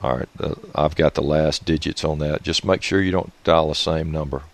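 A man's voice: rumbling low, fairly even intonation, normal speed. A man, hosting his own radio show in a profane, sneering, ranting monologue. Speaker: radio host.

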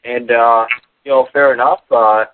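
A man calling in, talking in a rambling, halting way with many fillers. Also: medium pitch, steady tone. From Canada. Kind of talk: casual call-in chat. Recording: dry tinny phone line.

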